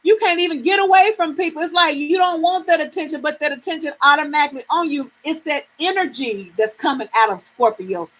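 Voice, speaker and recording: A middle-aged woman from the American South talks frankly with viewers on her live reading stream. Her voice sits high and bright, she swears easily and laughs a lot. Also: brisk, few pauses, rough recording. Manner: frank, animated, swearing freely, laughing often.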